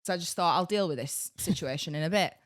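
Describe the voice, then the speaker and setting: A woman, co-hosting a podcast and telling a story in a casual, animated way, laughing through her words. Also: on the low side, fast talker. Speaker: podcast co-host.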